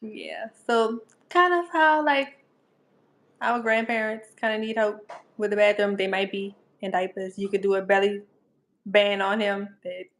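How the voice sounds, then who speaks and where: A woman's voice: medium pitch, fairly even intonation, a little slow, fairly bright tone. A woman with a New Orleans accent, a dog trainer giving easygoing, practical advice in a live-stream interview and laughing often.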